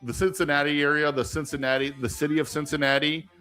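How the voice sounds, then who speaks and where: A man's voice: fairly high pitch, level tone, quick pace, bright, forceful tone, soft background music. A young man from rural southern Ohio hosting a casual live-stream Q&A, rambling and argumentative with many restarts. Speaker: livestream host answering viewer questions. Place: home room with icons on the wall.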